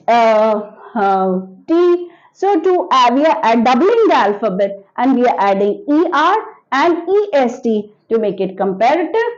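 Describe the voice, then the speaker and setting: A woman teacher talks children through an English grammar lesson. She repeats each example word slowly, with a high, lively voice that rises and falls a lot. The recording sounds dull and lo-fi.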